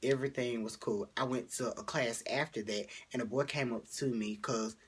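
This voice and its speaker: Breathy teen guy telling a storytime. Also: steady tone, normal speed. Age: teenager. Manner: chatty, rambling storytelling with fillers; jumps high for quoted lines, drops to whispers. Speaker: vlogger. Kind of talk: casual storytime vlog.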